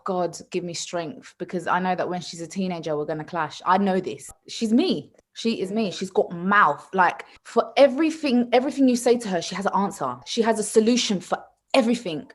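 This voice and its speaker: Animated woman telling stories. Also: medium pitch, brisk. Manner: animated storyteller, laughs often. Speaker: podcast guest. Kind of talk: casual chat.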